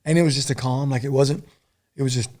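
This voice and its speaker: A middle-aged man, a podcast guest and former soldier, telling a war story in a profane, animated, rambling way. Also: medium pitch, quick pace.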